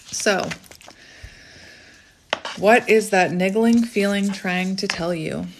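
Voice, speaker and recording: A woman's voice: medium pitch, takes it slowly, a little hiss or hum. A woman giving a casual spiritual tarot reading, chatty and rambling, often breaking off to laugh at herself. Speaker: tarot reader.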